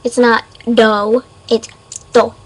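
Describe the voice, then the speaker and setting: A woman of Mexican background giving a casual webcam vocabulary lesson at her desk, unsure of herself and repeating words slowly. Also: a little high, flat delivery, poor audio. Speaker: amateur language teacher. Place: home room at a desk.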